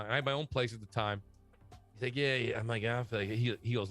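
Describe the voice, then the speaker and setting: A man chatting casually about video games, animated and slangy, telling stories with lots of asides. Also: medium pitch, a little fast, faint music behind. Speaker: podcast guest. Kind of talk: casual gaming chat.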